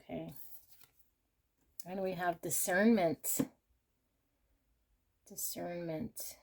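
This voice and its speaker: A woman's voice: on the low side, a little slow, a little hiss or hum. A woman hosting a pick-a-card tarot reading, talking in a gushing, exclamatory way as she turns the cards. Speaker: tarot reader.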